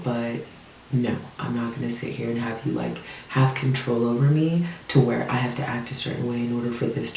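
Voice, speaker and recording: Gravelly woman, candid profane storyteller. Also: extremely low pitch, a little mellow, slight background noise. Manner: candid, profane, chatty with many fillers. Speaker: vlogger telling a personal story. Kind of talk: casual storytime monologue. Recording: echoey room, mic at a distance.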